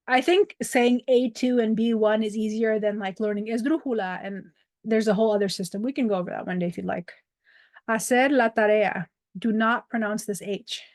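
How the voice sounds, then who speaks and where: A woman with a slightly high voice teaches a Spanish lesson over a video call, reading out words with their English meanings and adding chatty asides. She's on a computer mic, and the sound is clean and studio-like with no room echo.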